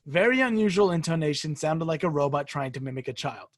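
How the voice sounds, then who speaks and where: A man's voice: animated, fast, dry recording, studio quality. A man co-hosting a podcast, casually reading creepy stories aloud and joking with friends. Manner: jokey, bursts into shrill shouted ghost voices. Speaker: podcast co-host.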